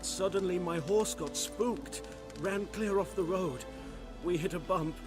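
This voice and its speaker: A scared, pleading peasant merchant from a video game. His voice sits high and his words come slowly and anxiously, in rustic old-fashioned phrasing. Game music plays underneath. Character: frightened, whining male merchant, middle-aged peasant. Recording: game audio with music behind.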